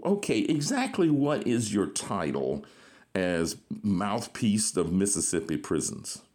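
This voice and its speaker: A podcast host keeps a casual interview light, joking, telling stories, and laughing often. His fairly low voice is gravelly and darkish, very animated, and delivered at a measured pace.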